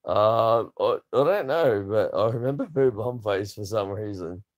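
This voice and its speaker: A man in his thirties with a fairly low voice rambles through a casual vlog chat. He swears freely and drifts from one point to the next as he talks to the camera. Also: animated, unhurried. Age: 30s. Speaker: vlogger.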